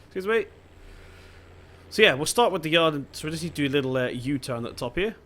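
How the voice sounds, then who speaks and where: A man's voice: a little high, expressive, quick pace, pushed and bright. A young man with a Devon accent, chatting casually and thinking aloud while he plays a farming game. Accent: Devon English. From England (Devon). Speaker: gaming channel host. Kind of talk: casual gameplay commentary.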